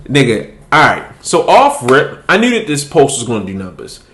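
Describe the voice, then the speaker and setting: A man's voice: mid-range voice, wildly swooping pitch, normal speed, fairly bright tone, roomy sound. A man hosting a podcast, telling a story in casual, profane chat and laughing as he goes. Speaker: podcast host.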